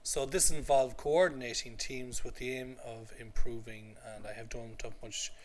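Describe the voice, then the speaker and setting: A man who is a native English speaker leads an English lesson for adults in a steady, mid-range voice at normal speed. Patient and repetitive, he checks on his students' understanding often by asking "okay?".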